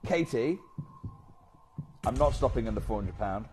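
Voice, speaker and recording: A man presenting a live shopping channel, chatty and energetic with off-script asides. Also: medium pitch, a little slow, over music.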